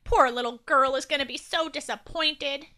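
A woman voicing a nasal-voiced male secret health agent who talks loudly and earnestly. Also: sits high, normal speed, voice pushed up.

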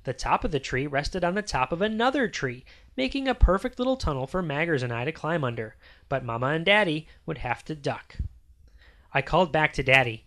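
A reader narrating a children's story aloud in an expressive, sing-song way. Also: mid-range voice, brisk.

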